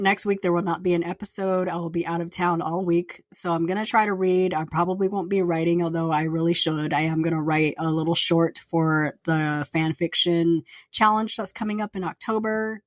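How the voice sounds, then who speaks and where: A woman with a lowish voice talks into a podcast microphone, unscripted and candid. She rambles and vents, trailing off with fillers. The sound is dry and close, with no room around her. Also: flat delivery, normal speed, dry recording. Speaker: podcast host and author. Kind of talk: casual solo podcast rant. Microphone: plugged-in podcast microphone.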